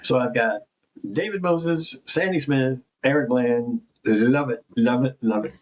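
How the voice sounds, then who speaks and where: An investigative journalist chats casually at a measured pace in a medium-pitched voice, though the audio quality is poor. He's informal and joking, rambling along with lots of fillers and restarts.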